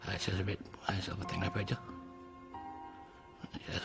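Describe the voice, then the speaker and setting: A man recalling a farewell in a documentary interview, speaking haltingly and trailing off into quiet. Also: low-pitched, little pitch movement, creaky. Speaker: former prisoner interviewee. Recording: music bed under the voice.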